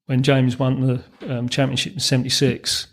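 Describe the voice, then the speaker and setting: A man's voice: mid-range voice, flat delivery, normal speed. A man, a former racing mechanic telling anecdotes as a podcast guest, chuckling through his stories with frequent ums and restarts. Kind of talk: storytelling in a podcast interview.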